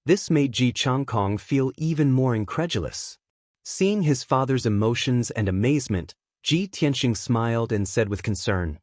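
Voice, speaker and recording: A male audiobook narrator reads scripted material in a steady, dry, mid-range voice. He speaks at normal speed, and there's no room sound.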